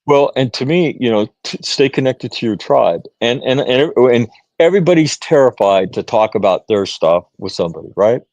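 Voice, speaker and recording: A man's voice: medium pitch, lively intonation, moderate pace, hardly any pauses, darkish tone, no room sound, rough recording. A middle-aged American man telling stories in conversation, earnest, often asking "right?" and restarting phrases. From United States. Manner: repeats "right?", many restarts, quotes others. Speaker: podcast guest, author.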